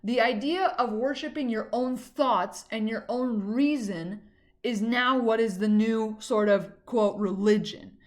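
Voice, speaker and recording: A woman's voice: a little high, measured pace. Casual, chatty woman teacher. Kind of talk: recorded history lesson.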